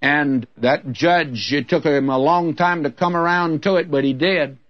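A man's voice: a little high, measured pace, no room sound, lo-fi sound. Man, radio Bible teacher, folksy sermon, earnest, humorous asides, dry close sound.

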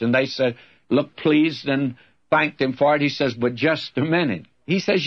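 A man's voice: mid-range voice, moderate pace, lo-fi sound. A man preaching a sermon in a folksy storytelling manner, calling the listener "my friend.". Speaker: radio Bible teacher.

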